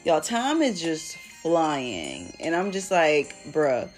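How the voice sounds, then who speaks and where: A woman's voice: deep voice, wildly swooping pitch, slow, soft background music. A young woman hosting a casual solo podcast, chatting in a slangy, rambling way with lots of "like", and feeling emotional today. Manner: slangy and rambling, heavy use of "like". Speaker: podcast host.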